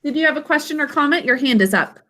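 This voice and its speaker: A woman's voice: high-pitched, lively intonation, fast talker, a bit bright. A woman teacher giving a spelling lesson, explaining patiently step by step and encouraging her students. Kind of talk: classroom instruction.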